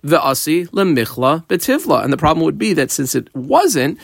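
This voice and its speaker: A man's voice: a little high, big pitch swings, normal speed, vocal fry, dry recording. A man teaching a Talmud page, reading Aramaic phrases and translating them into casual English with frequent fillers. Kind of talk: daf yomi lesson.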